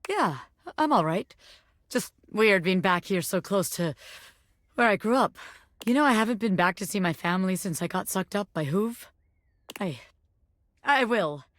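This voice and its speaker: A woman voicing a cocky young gangster who is a bobby pin, with tough streetwise talk and a soft side underneath. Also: medium pitch, expressive, normal speed, pauses often, no echo, clean studio sound, close to an everyday voice. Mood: wistful. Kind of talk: video game voice acting.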